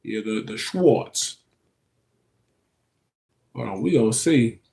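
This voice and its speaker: Slow and expressive, his gravelly, slightly mellow voice carries a relaxed livestream chat. He addresses viewers as y'all and drops into high sing-song moments.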